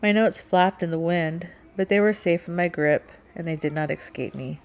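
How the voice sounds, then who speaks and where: A woman narrating a first-person novel as an audiobook, in a measured, quiet storytelling manner. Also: fairly low pitch, clear, resonant tone.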